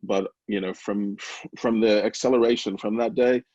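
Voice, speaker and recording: A man who founded a small brownie company speaks candidly as an interview guest, open and emotional, with lots of fillers and restarts. His voice sits on the low side, a little mellow, with fairly even intonation and moderate pace; the audio is dull, with no room sound.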